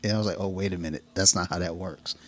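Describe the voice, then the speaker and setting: A man's voice: low-pitched, fairly even intonation, fast, fairly bright tone. An American man co-hosting a casual podcast chat, joking, swearing and acting out quotes, laughing often. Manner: jokey, profane, acts out quotes, laughs often. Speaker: podcast co-host.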